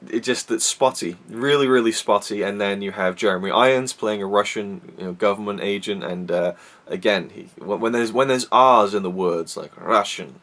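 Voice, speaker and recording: Male film reviewer, low-pitched, chatty, self-correcting delivery. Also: a bit bright. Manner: rambling, many restarts and fillers. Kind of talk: casual solo movie review.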